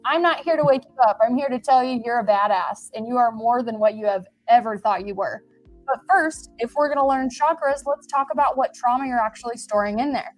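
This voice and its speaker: A woman, a podcast guest, talking in an emphatic, energetic, motivational way. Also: fairly high pitch, fairly quick, faint music behind, rough recording. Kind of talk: casual chat.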